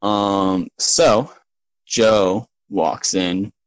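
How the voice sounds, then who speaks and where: A man narrating as game master of a tabletop game, relaxed and full of fillers. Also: lowish voice, drawn-out words, dry recording, rough recording.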